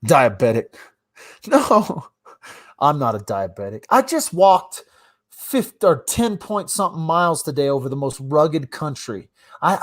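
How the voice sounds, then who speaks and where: A man talking into his phone on a casual livestream, going off on rants. He jumps from loud, fired-up bursts down to quiet mutters under his breath. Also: on the high side. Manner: ranting, swings between loud outbursts and mumbled asides. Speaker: livestream host. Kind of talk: casual live-stream rant.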